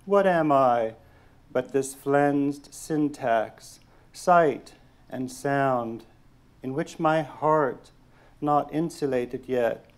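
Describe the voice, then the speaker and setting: At a lecture hall event, a poet with a medium-pitched voice reads his own poems aloud, delivering the verse slowly and deliberately. Between poems he pauses for hesitant asides.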